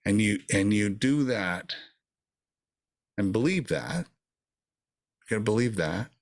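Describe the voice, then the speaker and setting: A man's voice: on the low side, lively intonation, takes it slowly. An older man co-hosting a podcast, talking in an earnest, reflective way and repeating words for emphasis. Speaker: podcast co-host. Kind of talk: casual conversation.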